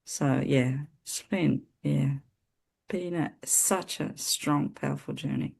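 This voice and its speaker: Low, gravelly-voiced woman sharing her story. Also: darkish tone. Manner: earnest, halting, many restarts. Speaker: podcast guest. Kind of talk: personal testimony in conversation.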